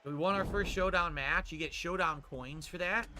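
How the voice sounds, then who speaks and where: Energetic man explaining a mobile game. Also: a little high, normal speed, a crowd in the background. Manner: energetic, explains gameplay to chat. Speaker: streamer. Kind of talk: mobile game livestream commentary. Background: music.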